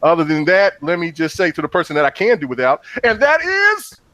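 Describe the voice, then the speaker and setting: A man's voice: fairly high pitch, quick pace, fairly bright tone, no room sound. A man hosting a casual gaming podcast, chatting in laid-back slangy banter with his co-hosts. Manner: laid-back slangy banter, repeats "you know what I'm saying". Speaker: podcast host.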